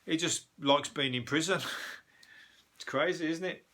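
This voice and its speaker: Fairly high in pitch and a touch slow, his tone is fairly bright. Hosting a show, the Birmingham comedian meanders through news items in a profane monologue, his Brummie accent clear as he laughs at his own gags.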